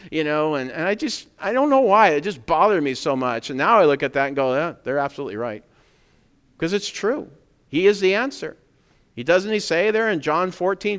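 Male preacher, fairly high voice, smooth and resonant, talky sermon, emphatic stresses. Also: long reverb tail. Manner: conversational, emphatic, rising to loud stresses.

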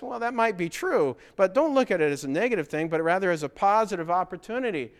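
Male preacher with a high-pitched voice, earnest and exhorting, putting pointed questions to the congregation. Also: very animated, quick pace, hardly any pauses. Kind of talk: sermon.

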